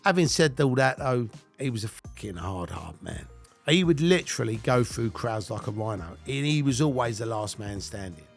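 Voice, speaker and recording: A man's voice: mid-range voice, lively intonation, normal speed, vocal fry, soft background music. An English man in his fifties telling blunt, swear-filled stories about his own past and breaking into laughter as he goes. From England. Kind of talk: casual anecdotal storytelling.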